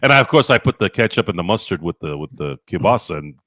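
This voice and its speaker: A man hosting a podcast, telling stories in casual chat, animated and profane, acting out his own past lines. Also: deep voice, fast, dry recording, studio quality. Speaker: podcast host.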